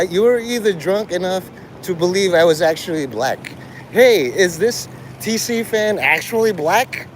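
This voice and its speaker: A man's voice: high-pitched, a little hiss or hum. A man streaming live and talking with his chat in a provocative, profane, rambling way. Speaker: livestreamer. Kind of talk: casual livestream chat with viewers.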